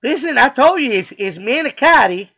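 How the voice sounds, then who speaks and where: A man's voice: very high-pitched, lively intonation, normal speed, creaky, fairly bright tone, pitched above the performer's own voice, exaggerated voice. A man putting on the voice of a stubborn, blustery Texan customer with a Southern drawl. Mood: blustery insistent. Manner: insistent, folksy drawl.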